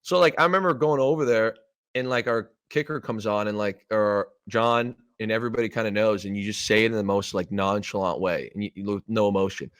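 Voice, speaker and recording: A man in his thirties from Canada, hosting a casual sports podcast, telling a game story in an animated way and acting out quoted lines. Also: on the low side, fairly quick, smooth. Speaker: podcast host, former player.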